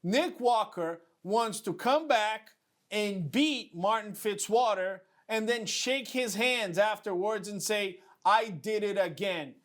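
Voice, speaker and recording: A man's voice: sits high, takes it slowly. A man hosting a casual talk show, telling stories and mimicking other people's lines. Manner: animated storyteller, mimics others. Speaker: podcast host. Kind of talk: casual bodybuilding chat.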